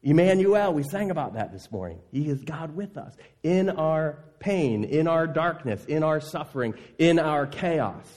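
Preaching earnestly, this pastor speaks in an animated, unhurried way with few pauses. He questions his congregation and drops to a quiet, low voice for important words.

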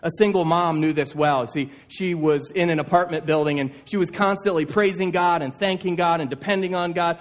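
A man's voice: fairly high pitch, steady tone, brisk, hardly any pauses. A man preaching a sermon, telling stories and acting out voices in an earnest, encouraging way. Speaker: pastor.

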